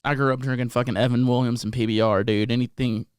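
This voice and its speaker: A man hosting a podcast, chatting casually in excitable, profane bursts. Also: medium pitch, quick pace, clean tone, dry recording, clean studio sound. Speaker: podcast host.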